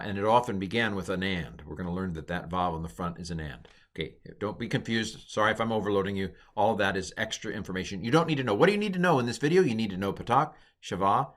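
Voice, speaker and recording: Relaxed man teaching with many ums. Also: low-pitched. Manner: relaxed, rambling, self-correcting, many ums. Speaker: Hebrew teacher. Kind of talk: informal recorded lecture.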